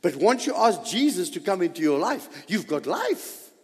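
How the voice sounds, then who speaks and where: A male pastor preaching a sermon in a church, animated and exhorting his congregation. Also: sits high, normal speed, big-room sound. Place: church sanctuary.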